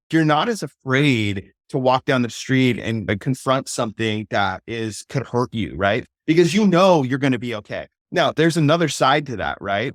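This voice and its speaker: A man's voice: mid-range voice, no room sound, studio quality. A man hosting a podcast interview, talking in an earnest, casual way and often checking in with "right?". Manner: earnest, tags points with "right?". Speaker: podcast host.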